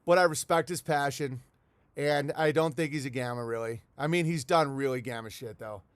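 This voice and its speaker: A man with a mid-range voice talks at a moderate pace, smooth and free of room sound. He's hosting a casual livestream from his countryside home, rambling and swearing as he chats with viewers and reads their letters aloud.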